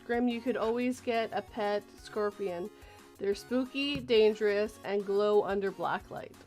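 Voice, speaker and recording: A woman's voice: medium pitch, unhurried, a little mellow, faint music behind. A woman hosting a casual chat stream, telling stories in a chatty, giggly way. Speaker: stream host.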